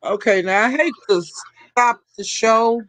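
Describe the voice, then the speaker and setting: High, bright man calling in earnestly. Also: slow pace. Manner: earnest, warning tone with hesitations. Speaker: caller.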